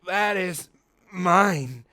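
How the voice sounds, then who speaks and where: A man's voice: high-pitched, lively intonation, drawn-out words, bright, forceful tone, no room sound, studio quality, voice pushed up, heavily acted. A man voicing a frail, sickly young woman who speaks weakly and coughs. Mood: feeble. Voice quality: weak, faint and coughing.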